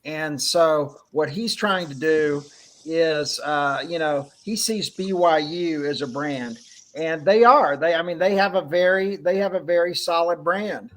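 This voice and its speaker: A man from Texas with a slightly high voice joins a sports radio roundtable as a guest. He lays out his points in a long, conversational run. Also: a little slow, fairly bright tone. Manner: conversational, explains points at length. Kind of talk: casual radio roundtable chat.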